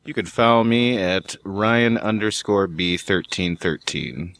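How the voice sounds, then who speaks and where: Laid-back low-voiced male guest. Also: unhurried, a bit bright. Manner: laid-back, offhand, laughing asides. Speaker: podcast guest. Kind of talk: casual gaming podcast chat.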